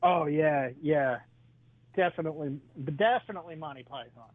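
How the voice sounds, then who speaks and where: Comedian guest on a tinny phone line. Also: male voice, fairly high pitch, lively intonation, no room sound. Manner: halting, filler-heavy delivery with chuckles between jokes. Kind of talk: telling a stand-up bit in an interview.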